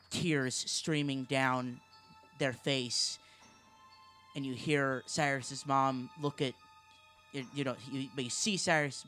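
A man in a mid-range voice narrates a tabletop game, setting each scene slowly and in detail. He sometimes restarts a phrase, and faint music plays behind him. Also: medium pitch, a bit bright. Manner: slow and descriptive, with some restarts. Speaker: game master.

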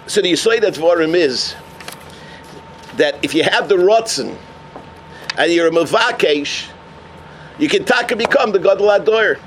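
A man teaching a Torah class as a lively storyteller who mixes in Yiddish and Hebrew terms. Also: high voice, normal speed, pauses often, a little hiss or hum.

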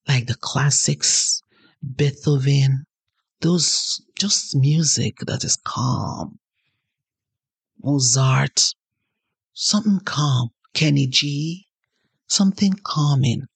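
A woman's voice: extremely low pitch, takes it slowly, gravelly, long pauses, breathy edge, dry recording. A woman hosting a podcast, giving an earnest motivational talk and telling personal stories. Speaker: podcast host.

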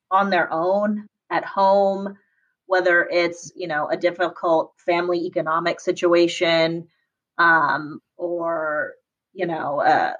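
A young public school teacher from Southern California answers interview questions in a chatty, casual way, laughing often and using many fillers. Her voice sits on the low side with a fairly bright tone, and the recording is rough.

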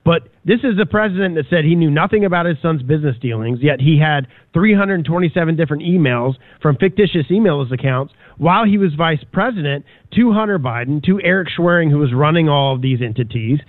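A man's voice: on the high side, lively intonation, fairly quick, hardly any pauses, dry recording. A congressman calling in as a guest, speaking emphatically in a phone-in political interview. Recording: tinny phone line.

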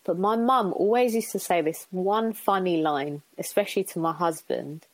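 A young woman with a low, deep voice talks openly and from the heart as a podcast guest. She loops back with fillers and restarts, and the sound is close and dry, with no room behind her. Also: moderate pace, no echo, low-quality recording. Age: young adult. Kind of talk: reflective podcast conversation.

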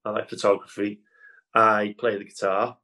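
Man, Scouse accent, lowish voice, rambling, fillers, easy laughter, casual interview chat. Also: flat delivery, moderate pace, sharp tone, poor audio. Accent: Liverpool Scouse. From Liverpool, England. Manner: rambling, many fillers and restarts, laughs easily. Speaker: improv comedy guest. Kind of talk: casual interview chat over video call.

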